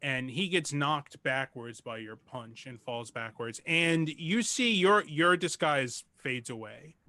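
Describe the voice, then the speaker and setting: A man narrating as game master of a tabletop role-playing game, lively and quick. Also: mid-range voice, no echo.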